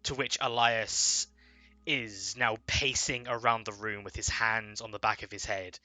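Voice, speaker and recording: Male game master, slow measured narration, bright dry voice. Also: fairly low pitch, fairly even intonation, no room sound, soft background music.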